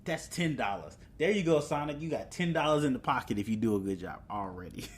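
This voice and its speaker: Fast and animated, a young podcast host chats on his own about movie news, peppering his talk with fillers and chuckles. His voice is fairly high with a breathy edge.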